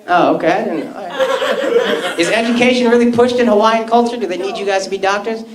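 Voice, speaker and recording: A man's voice: high-pitched, a little fast. A man doing a brash, profane stand-up set with crowd work, in his thirties. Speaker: stand-up comedian. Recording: live club set, audience laughter. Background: crowd laughter.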